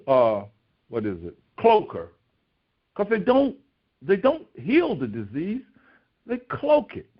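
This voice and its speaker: In this dull, lo-fi recording, a man delivers a devotional sermon, asking rhetorical questions and pitching his voice up high whenever he acts out pleas.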